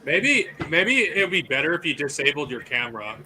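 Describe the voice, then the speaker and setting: A man's voice: a little high, very animated, a little fast, background noise. A man in casual livestream chat, laid-back and grumbling about technical trouble.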